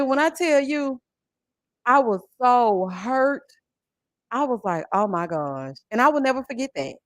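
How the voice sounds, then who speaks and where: A woman in her forties chatting on a livestream, telling an animated, expressive story and thanking viewers. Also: a little high, no room sound. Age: 40s. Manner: animated, expressive storytelling with chat shout-outs. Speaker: livestream host. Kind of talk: casual livestream chat and story time.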